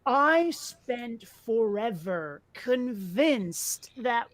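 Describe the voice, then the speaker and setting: A woman co-hosting a casual talk show, blunt and animated, swearing freely. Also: a little high, slow, hardly any pauses, dry recording. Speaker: podcast co-host. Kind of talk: casual chat.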